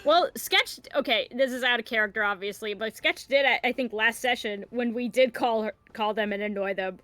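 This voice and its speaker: A woman's voice: fairly high pitch, brisk, fairly bright tone, no echo. A woman tabletop player chatting casually and rambling with amusement. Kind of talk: casual chat.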